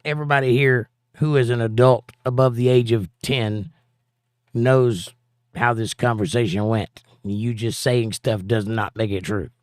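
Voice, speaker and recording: Man, live stream host, sarcastic, blunt, smooth resonant voice, dry close sound. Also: medium pitch, fairly even intonation, unhurried, a little mellow, dry recording. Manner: blunt, sarcastic put-downs. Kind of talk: reading and answering live chat.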